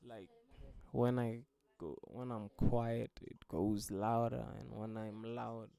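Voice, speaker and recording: A man's voice: on the low side, steady tone, slow, gravelly, mellow, clear, resonant tone. A man, a music producer, talking through his vocal mix in a loose, casual tutorial way with many fillers. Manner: laid-back, loose, with frequent fillers.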